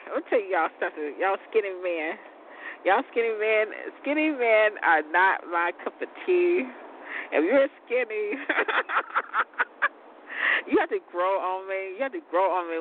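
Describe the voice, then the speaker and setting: A woman hosting a call-in talk show, chatting frankly in a casual monologue. She stumbles over words, repeats herself and laughs often. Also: fairly low pitch. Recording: tinny phone line, faint noise.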